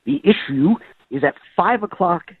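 A man's voice: high-pitched, animated, measured pace, vocal fry, breathy edge. Irritated man on a muffled phone line. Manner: irritated, blunt, exasperated. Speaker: prank call target. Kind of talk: phone call.

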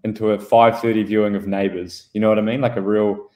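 A man's voice: lowish voice, little pitch movement, fast talker, mellow. A man co-hosting a podcast, speaking hesitantly with lots of ums. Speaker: podcast co-host. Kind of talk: casual banter. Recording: echoey room.

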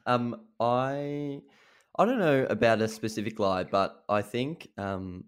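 A man's voice: medium pitch, slow, clear, resonant tone. A young man with an Australian accent, co-hosting a radio show in upbeat casual chat, with lots of fillers. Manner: upbeat, laughs easily, filler-heavy. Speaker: radio co-host.

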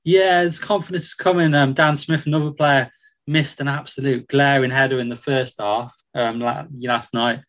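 A man's voice: medium pitch, steady tone, normal speed, fairly bright tone, low-quality recording. A man chatting casually about football on a podcast, with many ums and restarts and frequent laughs. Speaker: football reporter.

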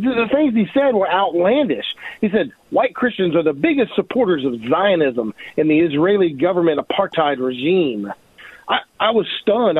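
A man's voice: on the high side, slightly rough, no room sound. A man speaking as a lawyer guest in a radio interview, talking indignantly and emphatically, often repeating himself. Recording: tinny phone line.

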